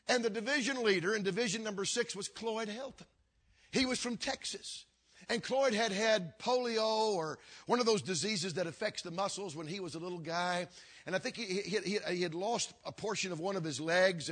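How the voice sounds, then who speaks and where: An older man, a pastor, telling a story in a sermon with earnest, repeating phrases that sink low and quiet. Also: slightly rough. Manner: earnest, repetitive preaching cadence that drops low and quiet.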